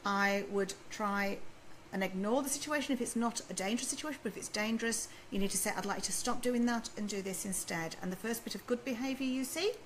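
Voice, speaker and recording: Speaking a little fast in a medium-pitched voice, a baby sleep consultant answers questions from viewers on a live stream, reading each aloud and giving chatty, comforting advice. Slight background noise runs through the low-quality recording.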